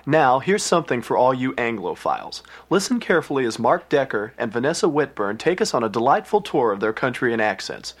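Husky, lively male narrator. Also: medium pitch, fairly quick, few pauses. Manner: lively, guiding. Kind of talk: scripted narration.

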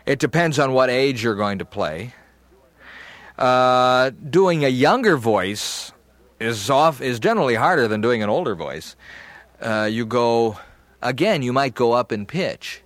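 A man's voice: medium pitch, very animated, measured pace, a bit bright, no echo. A male voice actor explaining how he performs older and younger voices, thinking aloud with examples. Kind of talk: explaining technique.

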